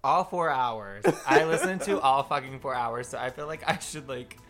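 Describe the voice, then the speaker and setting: A man co-hosting a podcast in casual chat, animated and giggly, swearing freely. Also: mid-range voice, normal speed, soft background music. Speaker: podcast co-host.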